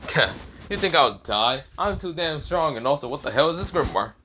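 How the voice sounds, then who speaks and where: A tough, steady teenage boy who talks low and soft, as a man puts him on in a fan story. The voice stays bright in tone even when hushed. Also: moderate pace, slight background noise. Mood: gruff. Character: tough sixteen-year-old boy, calm and reassuring.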